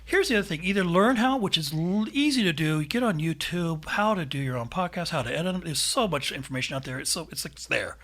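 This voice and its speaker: Male podcast host, bright husky tone, animated, chatty. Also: on the high side, quick pace, few pauses. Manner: animated, laughs often. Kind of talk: casual chat.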